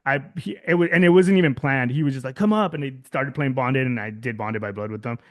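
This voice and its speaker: A fast talker with a medium-pitched voice, this man is in his thirties and is a guest musician from Southern California. Chatting casually in an interview, he rambles, restarts often, uses many fillers, and laughs a lot.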